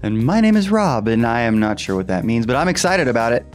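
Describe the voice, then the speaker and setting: A man co-hosting a podcast in casual banter, upbeat and teasing, quick to laugh. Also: medium pitch, very animated, soft background music. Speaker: podcast co-host.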